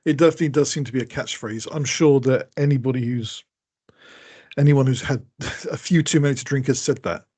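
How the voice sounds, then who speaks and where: A man's voice: medium pitch, a little fast, a little mellow, breathy edge. A man co-hosting a casual podcast who rambles, mocks himself and laughs mid-sentence. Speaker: podcast co-host. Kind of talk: casual chat.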